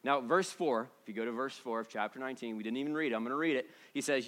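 Bright-voiced, emphatic male pastor. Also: mid-range voice, fast, few pauses. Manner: conversational and emphatic, swings from hushed to loud. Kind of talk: sermon.

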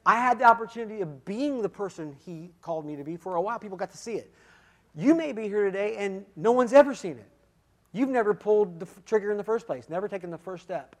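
A man giving a sermon testimony, swinging from quiet, intimate moments to loud, emphatic calls, with repeated "come on" and "listen". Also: sits high, animated, fast talker. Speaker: guest speaker giving testimony.

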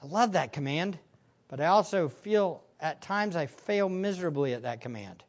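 A man preaching a sermon as pastor, animated, acting out the disciples' voices with sudden loud bursts. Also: fairly high pitch, normal speed, muffled recording.

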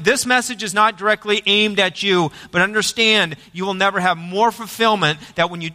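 A man's voice: high-pitched, sharp tone. A man preaching a sermon to his congregation as pastor, asking them to repeat lines back and rising to emphatic moments. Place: church sanctuary. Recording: long hall reverb.

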